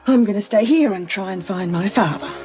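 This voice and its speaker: An actress playing an angry, fed-up wife in a 1980s TV soap, sharp and accusing. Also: female voice, medium pitch, a little fast, close to an everyday voice. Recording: soap clip with music behind.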